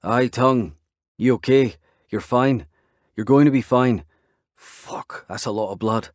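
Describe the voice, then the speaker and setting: A man voicing a rough male biker with a Scottish accent in an audiobook, urgent and blunt. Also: medium pitch, measured pace, darkish tone, dry recording, clean studio sound, natural voice.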